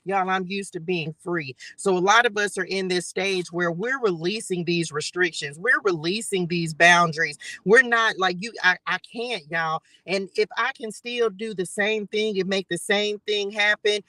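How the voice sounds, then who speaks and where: Man, tarot reader on a live stream; high, bright voice; chatty, sermon-like, talks straight to viewers. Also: moderate pace, hardly any pauses, no room sound, poor audio. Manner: chatty, preachy, keeps addressing viewers as y'all and baby. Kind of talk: live spiritual tarot reading.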